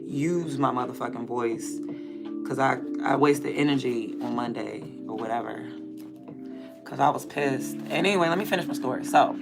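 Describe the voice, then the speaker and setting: A woman from Maryland with a hoarse voice from yelling and allergies, telling a story in a blunt, profane, heated way as she chats at home. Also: rumbling low, moderate pace. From Maryland, USA. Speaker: vlogger. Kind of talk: casual storytime chat. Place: home room with windows cracked open. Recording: music playing behind.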